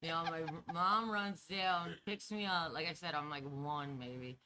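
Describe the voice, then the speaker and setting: A woman chatting as a podcast guest, telling lively personal stories and laughing easily. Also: low-pitched, unhurried. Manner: animated storyteller, laughs easily. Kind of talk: casual storytelling chat.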